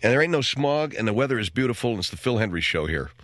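A man's voice: medium pitch, big pitch swings, fast, a bit bright, dry recording. A middle-aged man hosting a radio talk show, telling rambling comic stories and acting out other people's voices along the way. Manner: rambling, wisecracking storyteller who acts out other people's voices.

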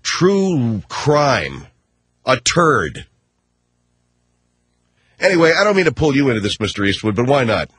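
A man's voice: mid-range voice, big pitch swings, unhurried, long pauses, a bit bright, slightly rough, dry recording. A man ranting on talk radio in a combative, sarcastic, mocking way. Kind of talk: radio rant.

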